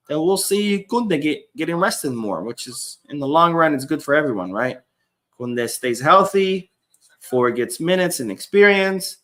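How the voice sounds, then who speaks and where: A man's voice: medium pitch, a bit bright. A man hosting a live football watchalong, casually reading viewer comments and giving opinionated, rambling takes. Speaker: livestream host reading chat.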